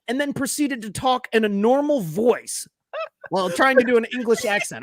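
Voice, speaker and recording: A man's voice: very high-pitched, expressive, moderate pace, a bit bright, no echo. A man co-hosting a casual sports podcast, sarcastically reading his notes aloud and mocking what he watched. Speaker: podcast co-host.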